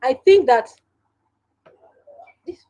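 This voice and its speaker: A woman's voice: sits high, animated, very slow, mellow, highs cut off. A woman with a Nigerian English accent hosting a casual live stream from home, chatting directly to viewers and laughing often.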